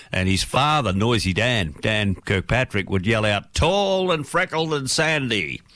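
Aussie radio guy, lowish voice, dry close sound, rambles on with a folksy yarn. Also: fairly bright tone, no room sound. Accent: Australian. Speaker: radio presenter. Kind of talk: casual radio presenting.

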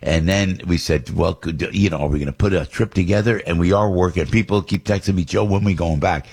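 A man hosting a radio show, chatting in a rambling, excitable way and laughing often. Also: sits low, brisk, husky. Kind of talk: casual radio banter.

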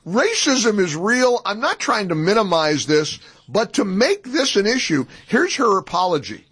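A man co-hosting a talk radio show, incredulous and animated, often breaking into laughter. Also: sits high, unhurried, breathy edge. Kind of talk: casual on-air banter.

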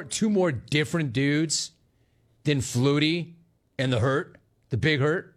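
A man's voice: fairly high pitch, animated, moderate pace. A man hosting a call-in sports talk radio show, brash and joking, calling people dude and bro.

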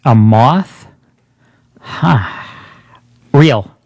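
A man's voice: mid-range voice, expressive, vocal fry, a little mellow, dry recording, highs cut off. A man hosting a radio show, guessing trivia answers and cracking jokes. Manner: joking, quick guesses. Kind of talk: casual radio chat.

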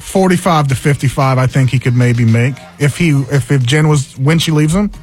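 A mid-pitched man in easy banter who drops short, wry quips into the conversation. Faint music sits behind him. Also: normal speed, a little mellow, husky. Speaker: co-host. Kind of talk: casual banter.

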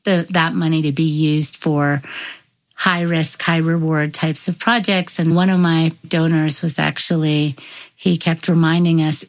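A woman scientist in an interview, explaining her research in an animated, storytelling way. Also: low voice, unhurried, low-quality recording. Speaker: neuroscientist guest. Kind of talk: interview conversation.

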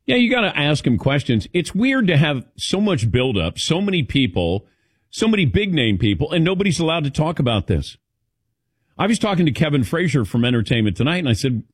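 A man hosting a sports talk show, telling stories in a lively, animated way and calling on his co-hosts by name. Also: on the high side, a little fast, husky, no echo, studio quality. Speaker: radio show host. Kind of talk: casual sports talk chat.

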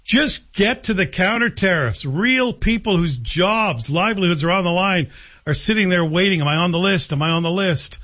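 A man hosting a radio talk show, giving animated, sarcastic opinion commentary. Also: sits high, moderate pace. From Canada. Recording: dull lo-fi broadcast audio.

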